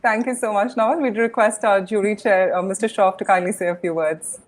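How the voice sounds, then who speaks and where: A woman's voice: mid-range voice, fairly even intonation, a little fast. A woman hosting an online awards ceremony, announcing winners in a polished, formal manner.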